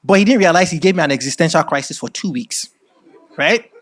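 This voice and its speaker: A middle-aged man from Nigeria with a Nigerian accent, giving a masterclass lecture as animated storytelling and often checking in with "right?". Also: fairly high pitch, fairly quick. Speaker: speaker at a masterclass.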